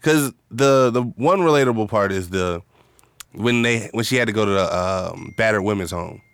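A man co-hosting a casual chat, relaxed and laughing often, thinking aloud as he talks. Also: fairly low pitch, moderate pace, clean tone, no room sound, studio quality.

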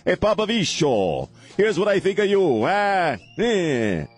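A radio host voicing a menacing Italian-American mobster with an exaggerated fake Italian accent, low and threatening. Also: male voice, very animated, takes it slowly, slightly rough, full character voice. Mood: mocking. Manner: threatening, mocking.

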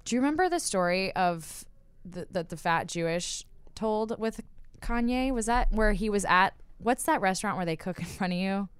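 Woman podcast host, chatty, laughs easily, smooth clear voice, dry close sound. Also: mid-range voice, lively intonation, normal speed, dry recording. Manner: laughs often, chatty and enthusiastic. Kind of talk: casual chat.

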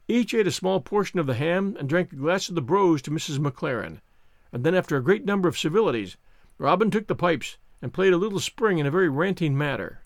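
Guy reading an old novel aloud, slightly high voice, very lively pitch, dry close mic. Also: dry recording. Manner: measured, storytelling narration. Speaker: audiobook reader and show host.

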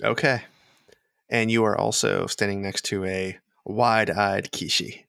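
Game master, male, low gravelly voice, dry close sound, hesitant narration. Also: steady tone, fairly bright tone, dry recording. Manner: halting, full of fillers and laughs.

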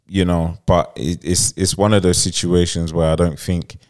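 A man with a low, smooth, resonant voice. He co-hosts a casual podcast chat, rambling through a story with plenty of "um"s and little laughs. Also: level tone, moderate pace, darkish tone. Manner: rambling, many fillers, laughs while telling. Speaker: podcast co-host. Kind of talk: casual chat, retelling a show's plot.

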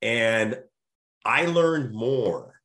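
A man telling a lively personal story in a casual chat, often restarting his sentences. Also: mid-range voice, very slow. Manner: animated storyteller, frequent restarts. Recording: roomy echo.

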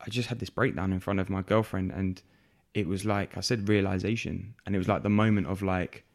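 A man's voice: deep voice, steady tone, brisk. A young man speaking candidly as a podcast guest, reflective and full of fillers and restarts.

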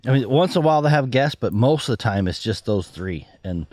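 A man's voice: mid-range voice, animated, a little fast, a little mellow, dry recording. Man, podcast host, casual chat, rambling, laughs a lot, dry close sound. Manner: rambling, laughs often, restarts sentences.

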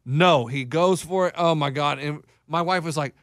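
A man co-hosting a show, telling sports stories in casual banter and bursting into loud excited outbursts. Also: a little high, normal speed, dry recording, studio quality.

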